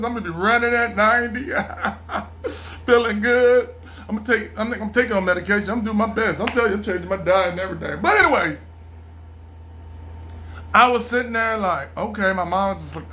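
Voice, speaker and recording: A middle-aged man with a bright, forward voice tells a loose personal story in a casual vlog. He rambles and repeats lines, laughs through parts of it, and drops into a low murmur to imitate his mother. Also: animated, brisk, a little hiss or hum. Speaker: vlogger.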